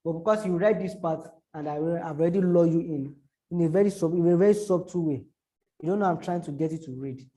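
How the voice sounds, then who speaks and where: Halting and repetitive, a male social media marketing teacher walks a small audience through online marketing. He keeps interrupting himself to act out short examples, his voice fairly high but mellow and soft at the edges.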